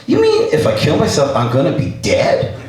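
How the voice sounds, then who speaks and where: A man's voice: on the high side, huge pitch swings, normal speed, a little mellow, pitched above the performer's own voice. A man voicing a distraught, dazed drunk man who pleads and whines. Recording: echoey hall, distant mic.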